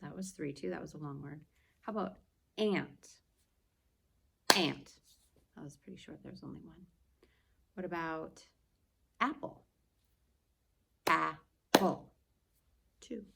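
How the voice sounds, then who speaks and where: A woman teacher giving an early-reading phonics lesson, patiently sounding out words slowly and clearly for young children. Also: low voice, bright, forceful tone.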